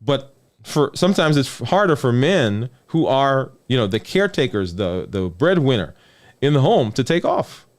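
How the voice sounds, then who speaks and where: A man speaks as a physician giving a conversational health talk. His pitch is lively and animated, and he often sinks low and quiet for emphasis. He keeps checking in with the listener and repeats phrases to drive a point home. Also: moderate pace. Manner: drops low and soft on key words.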